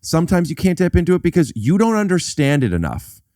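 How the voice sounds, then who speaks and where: A man talking as a comedian guest on a podcast in casual chat, telling stories in an animated way and acting out the people in them. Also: fairly high pitch, quick pace, no room sound, clean studio sound. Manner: animated storyteller, acts out the people in his stories.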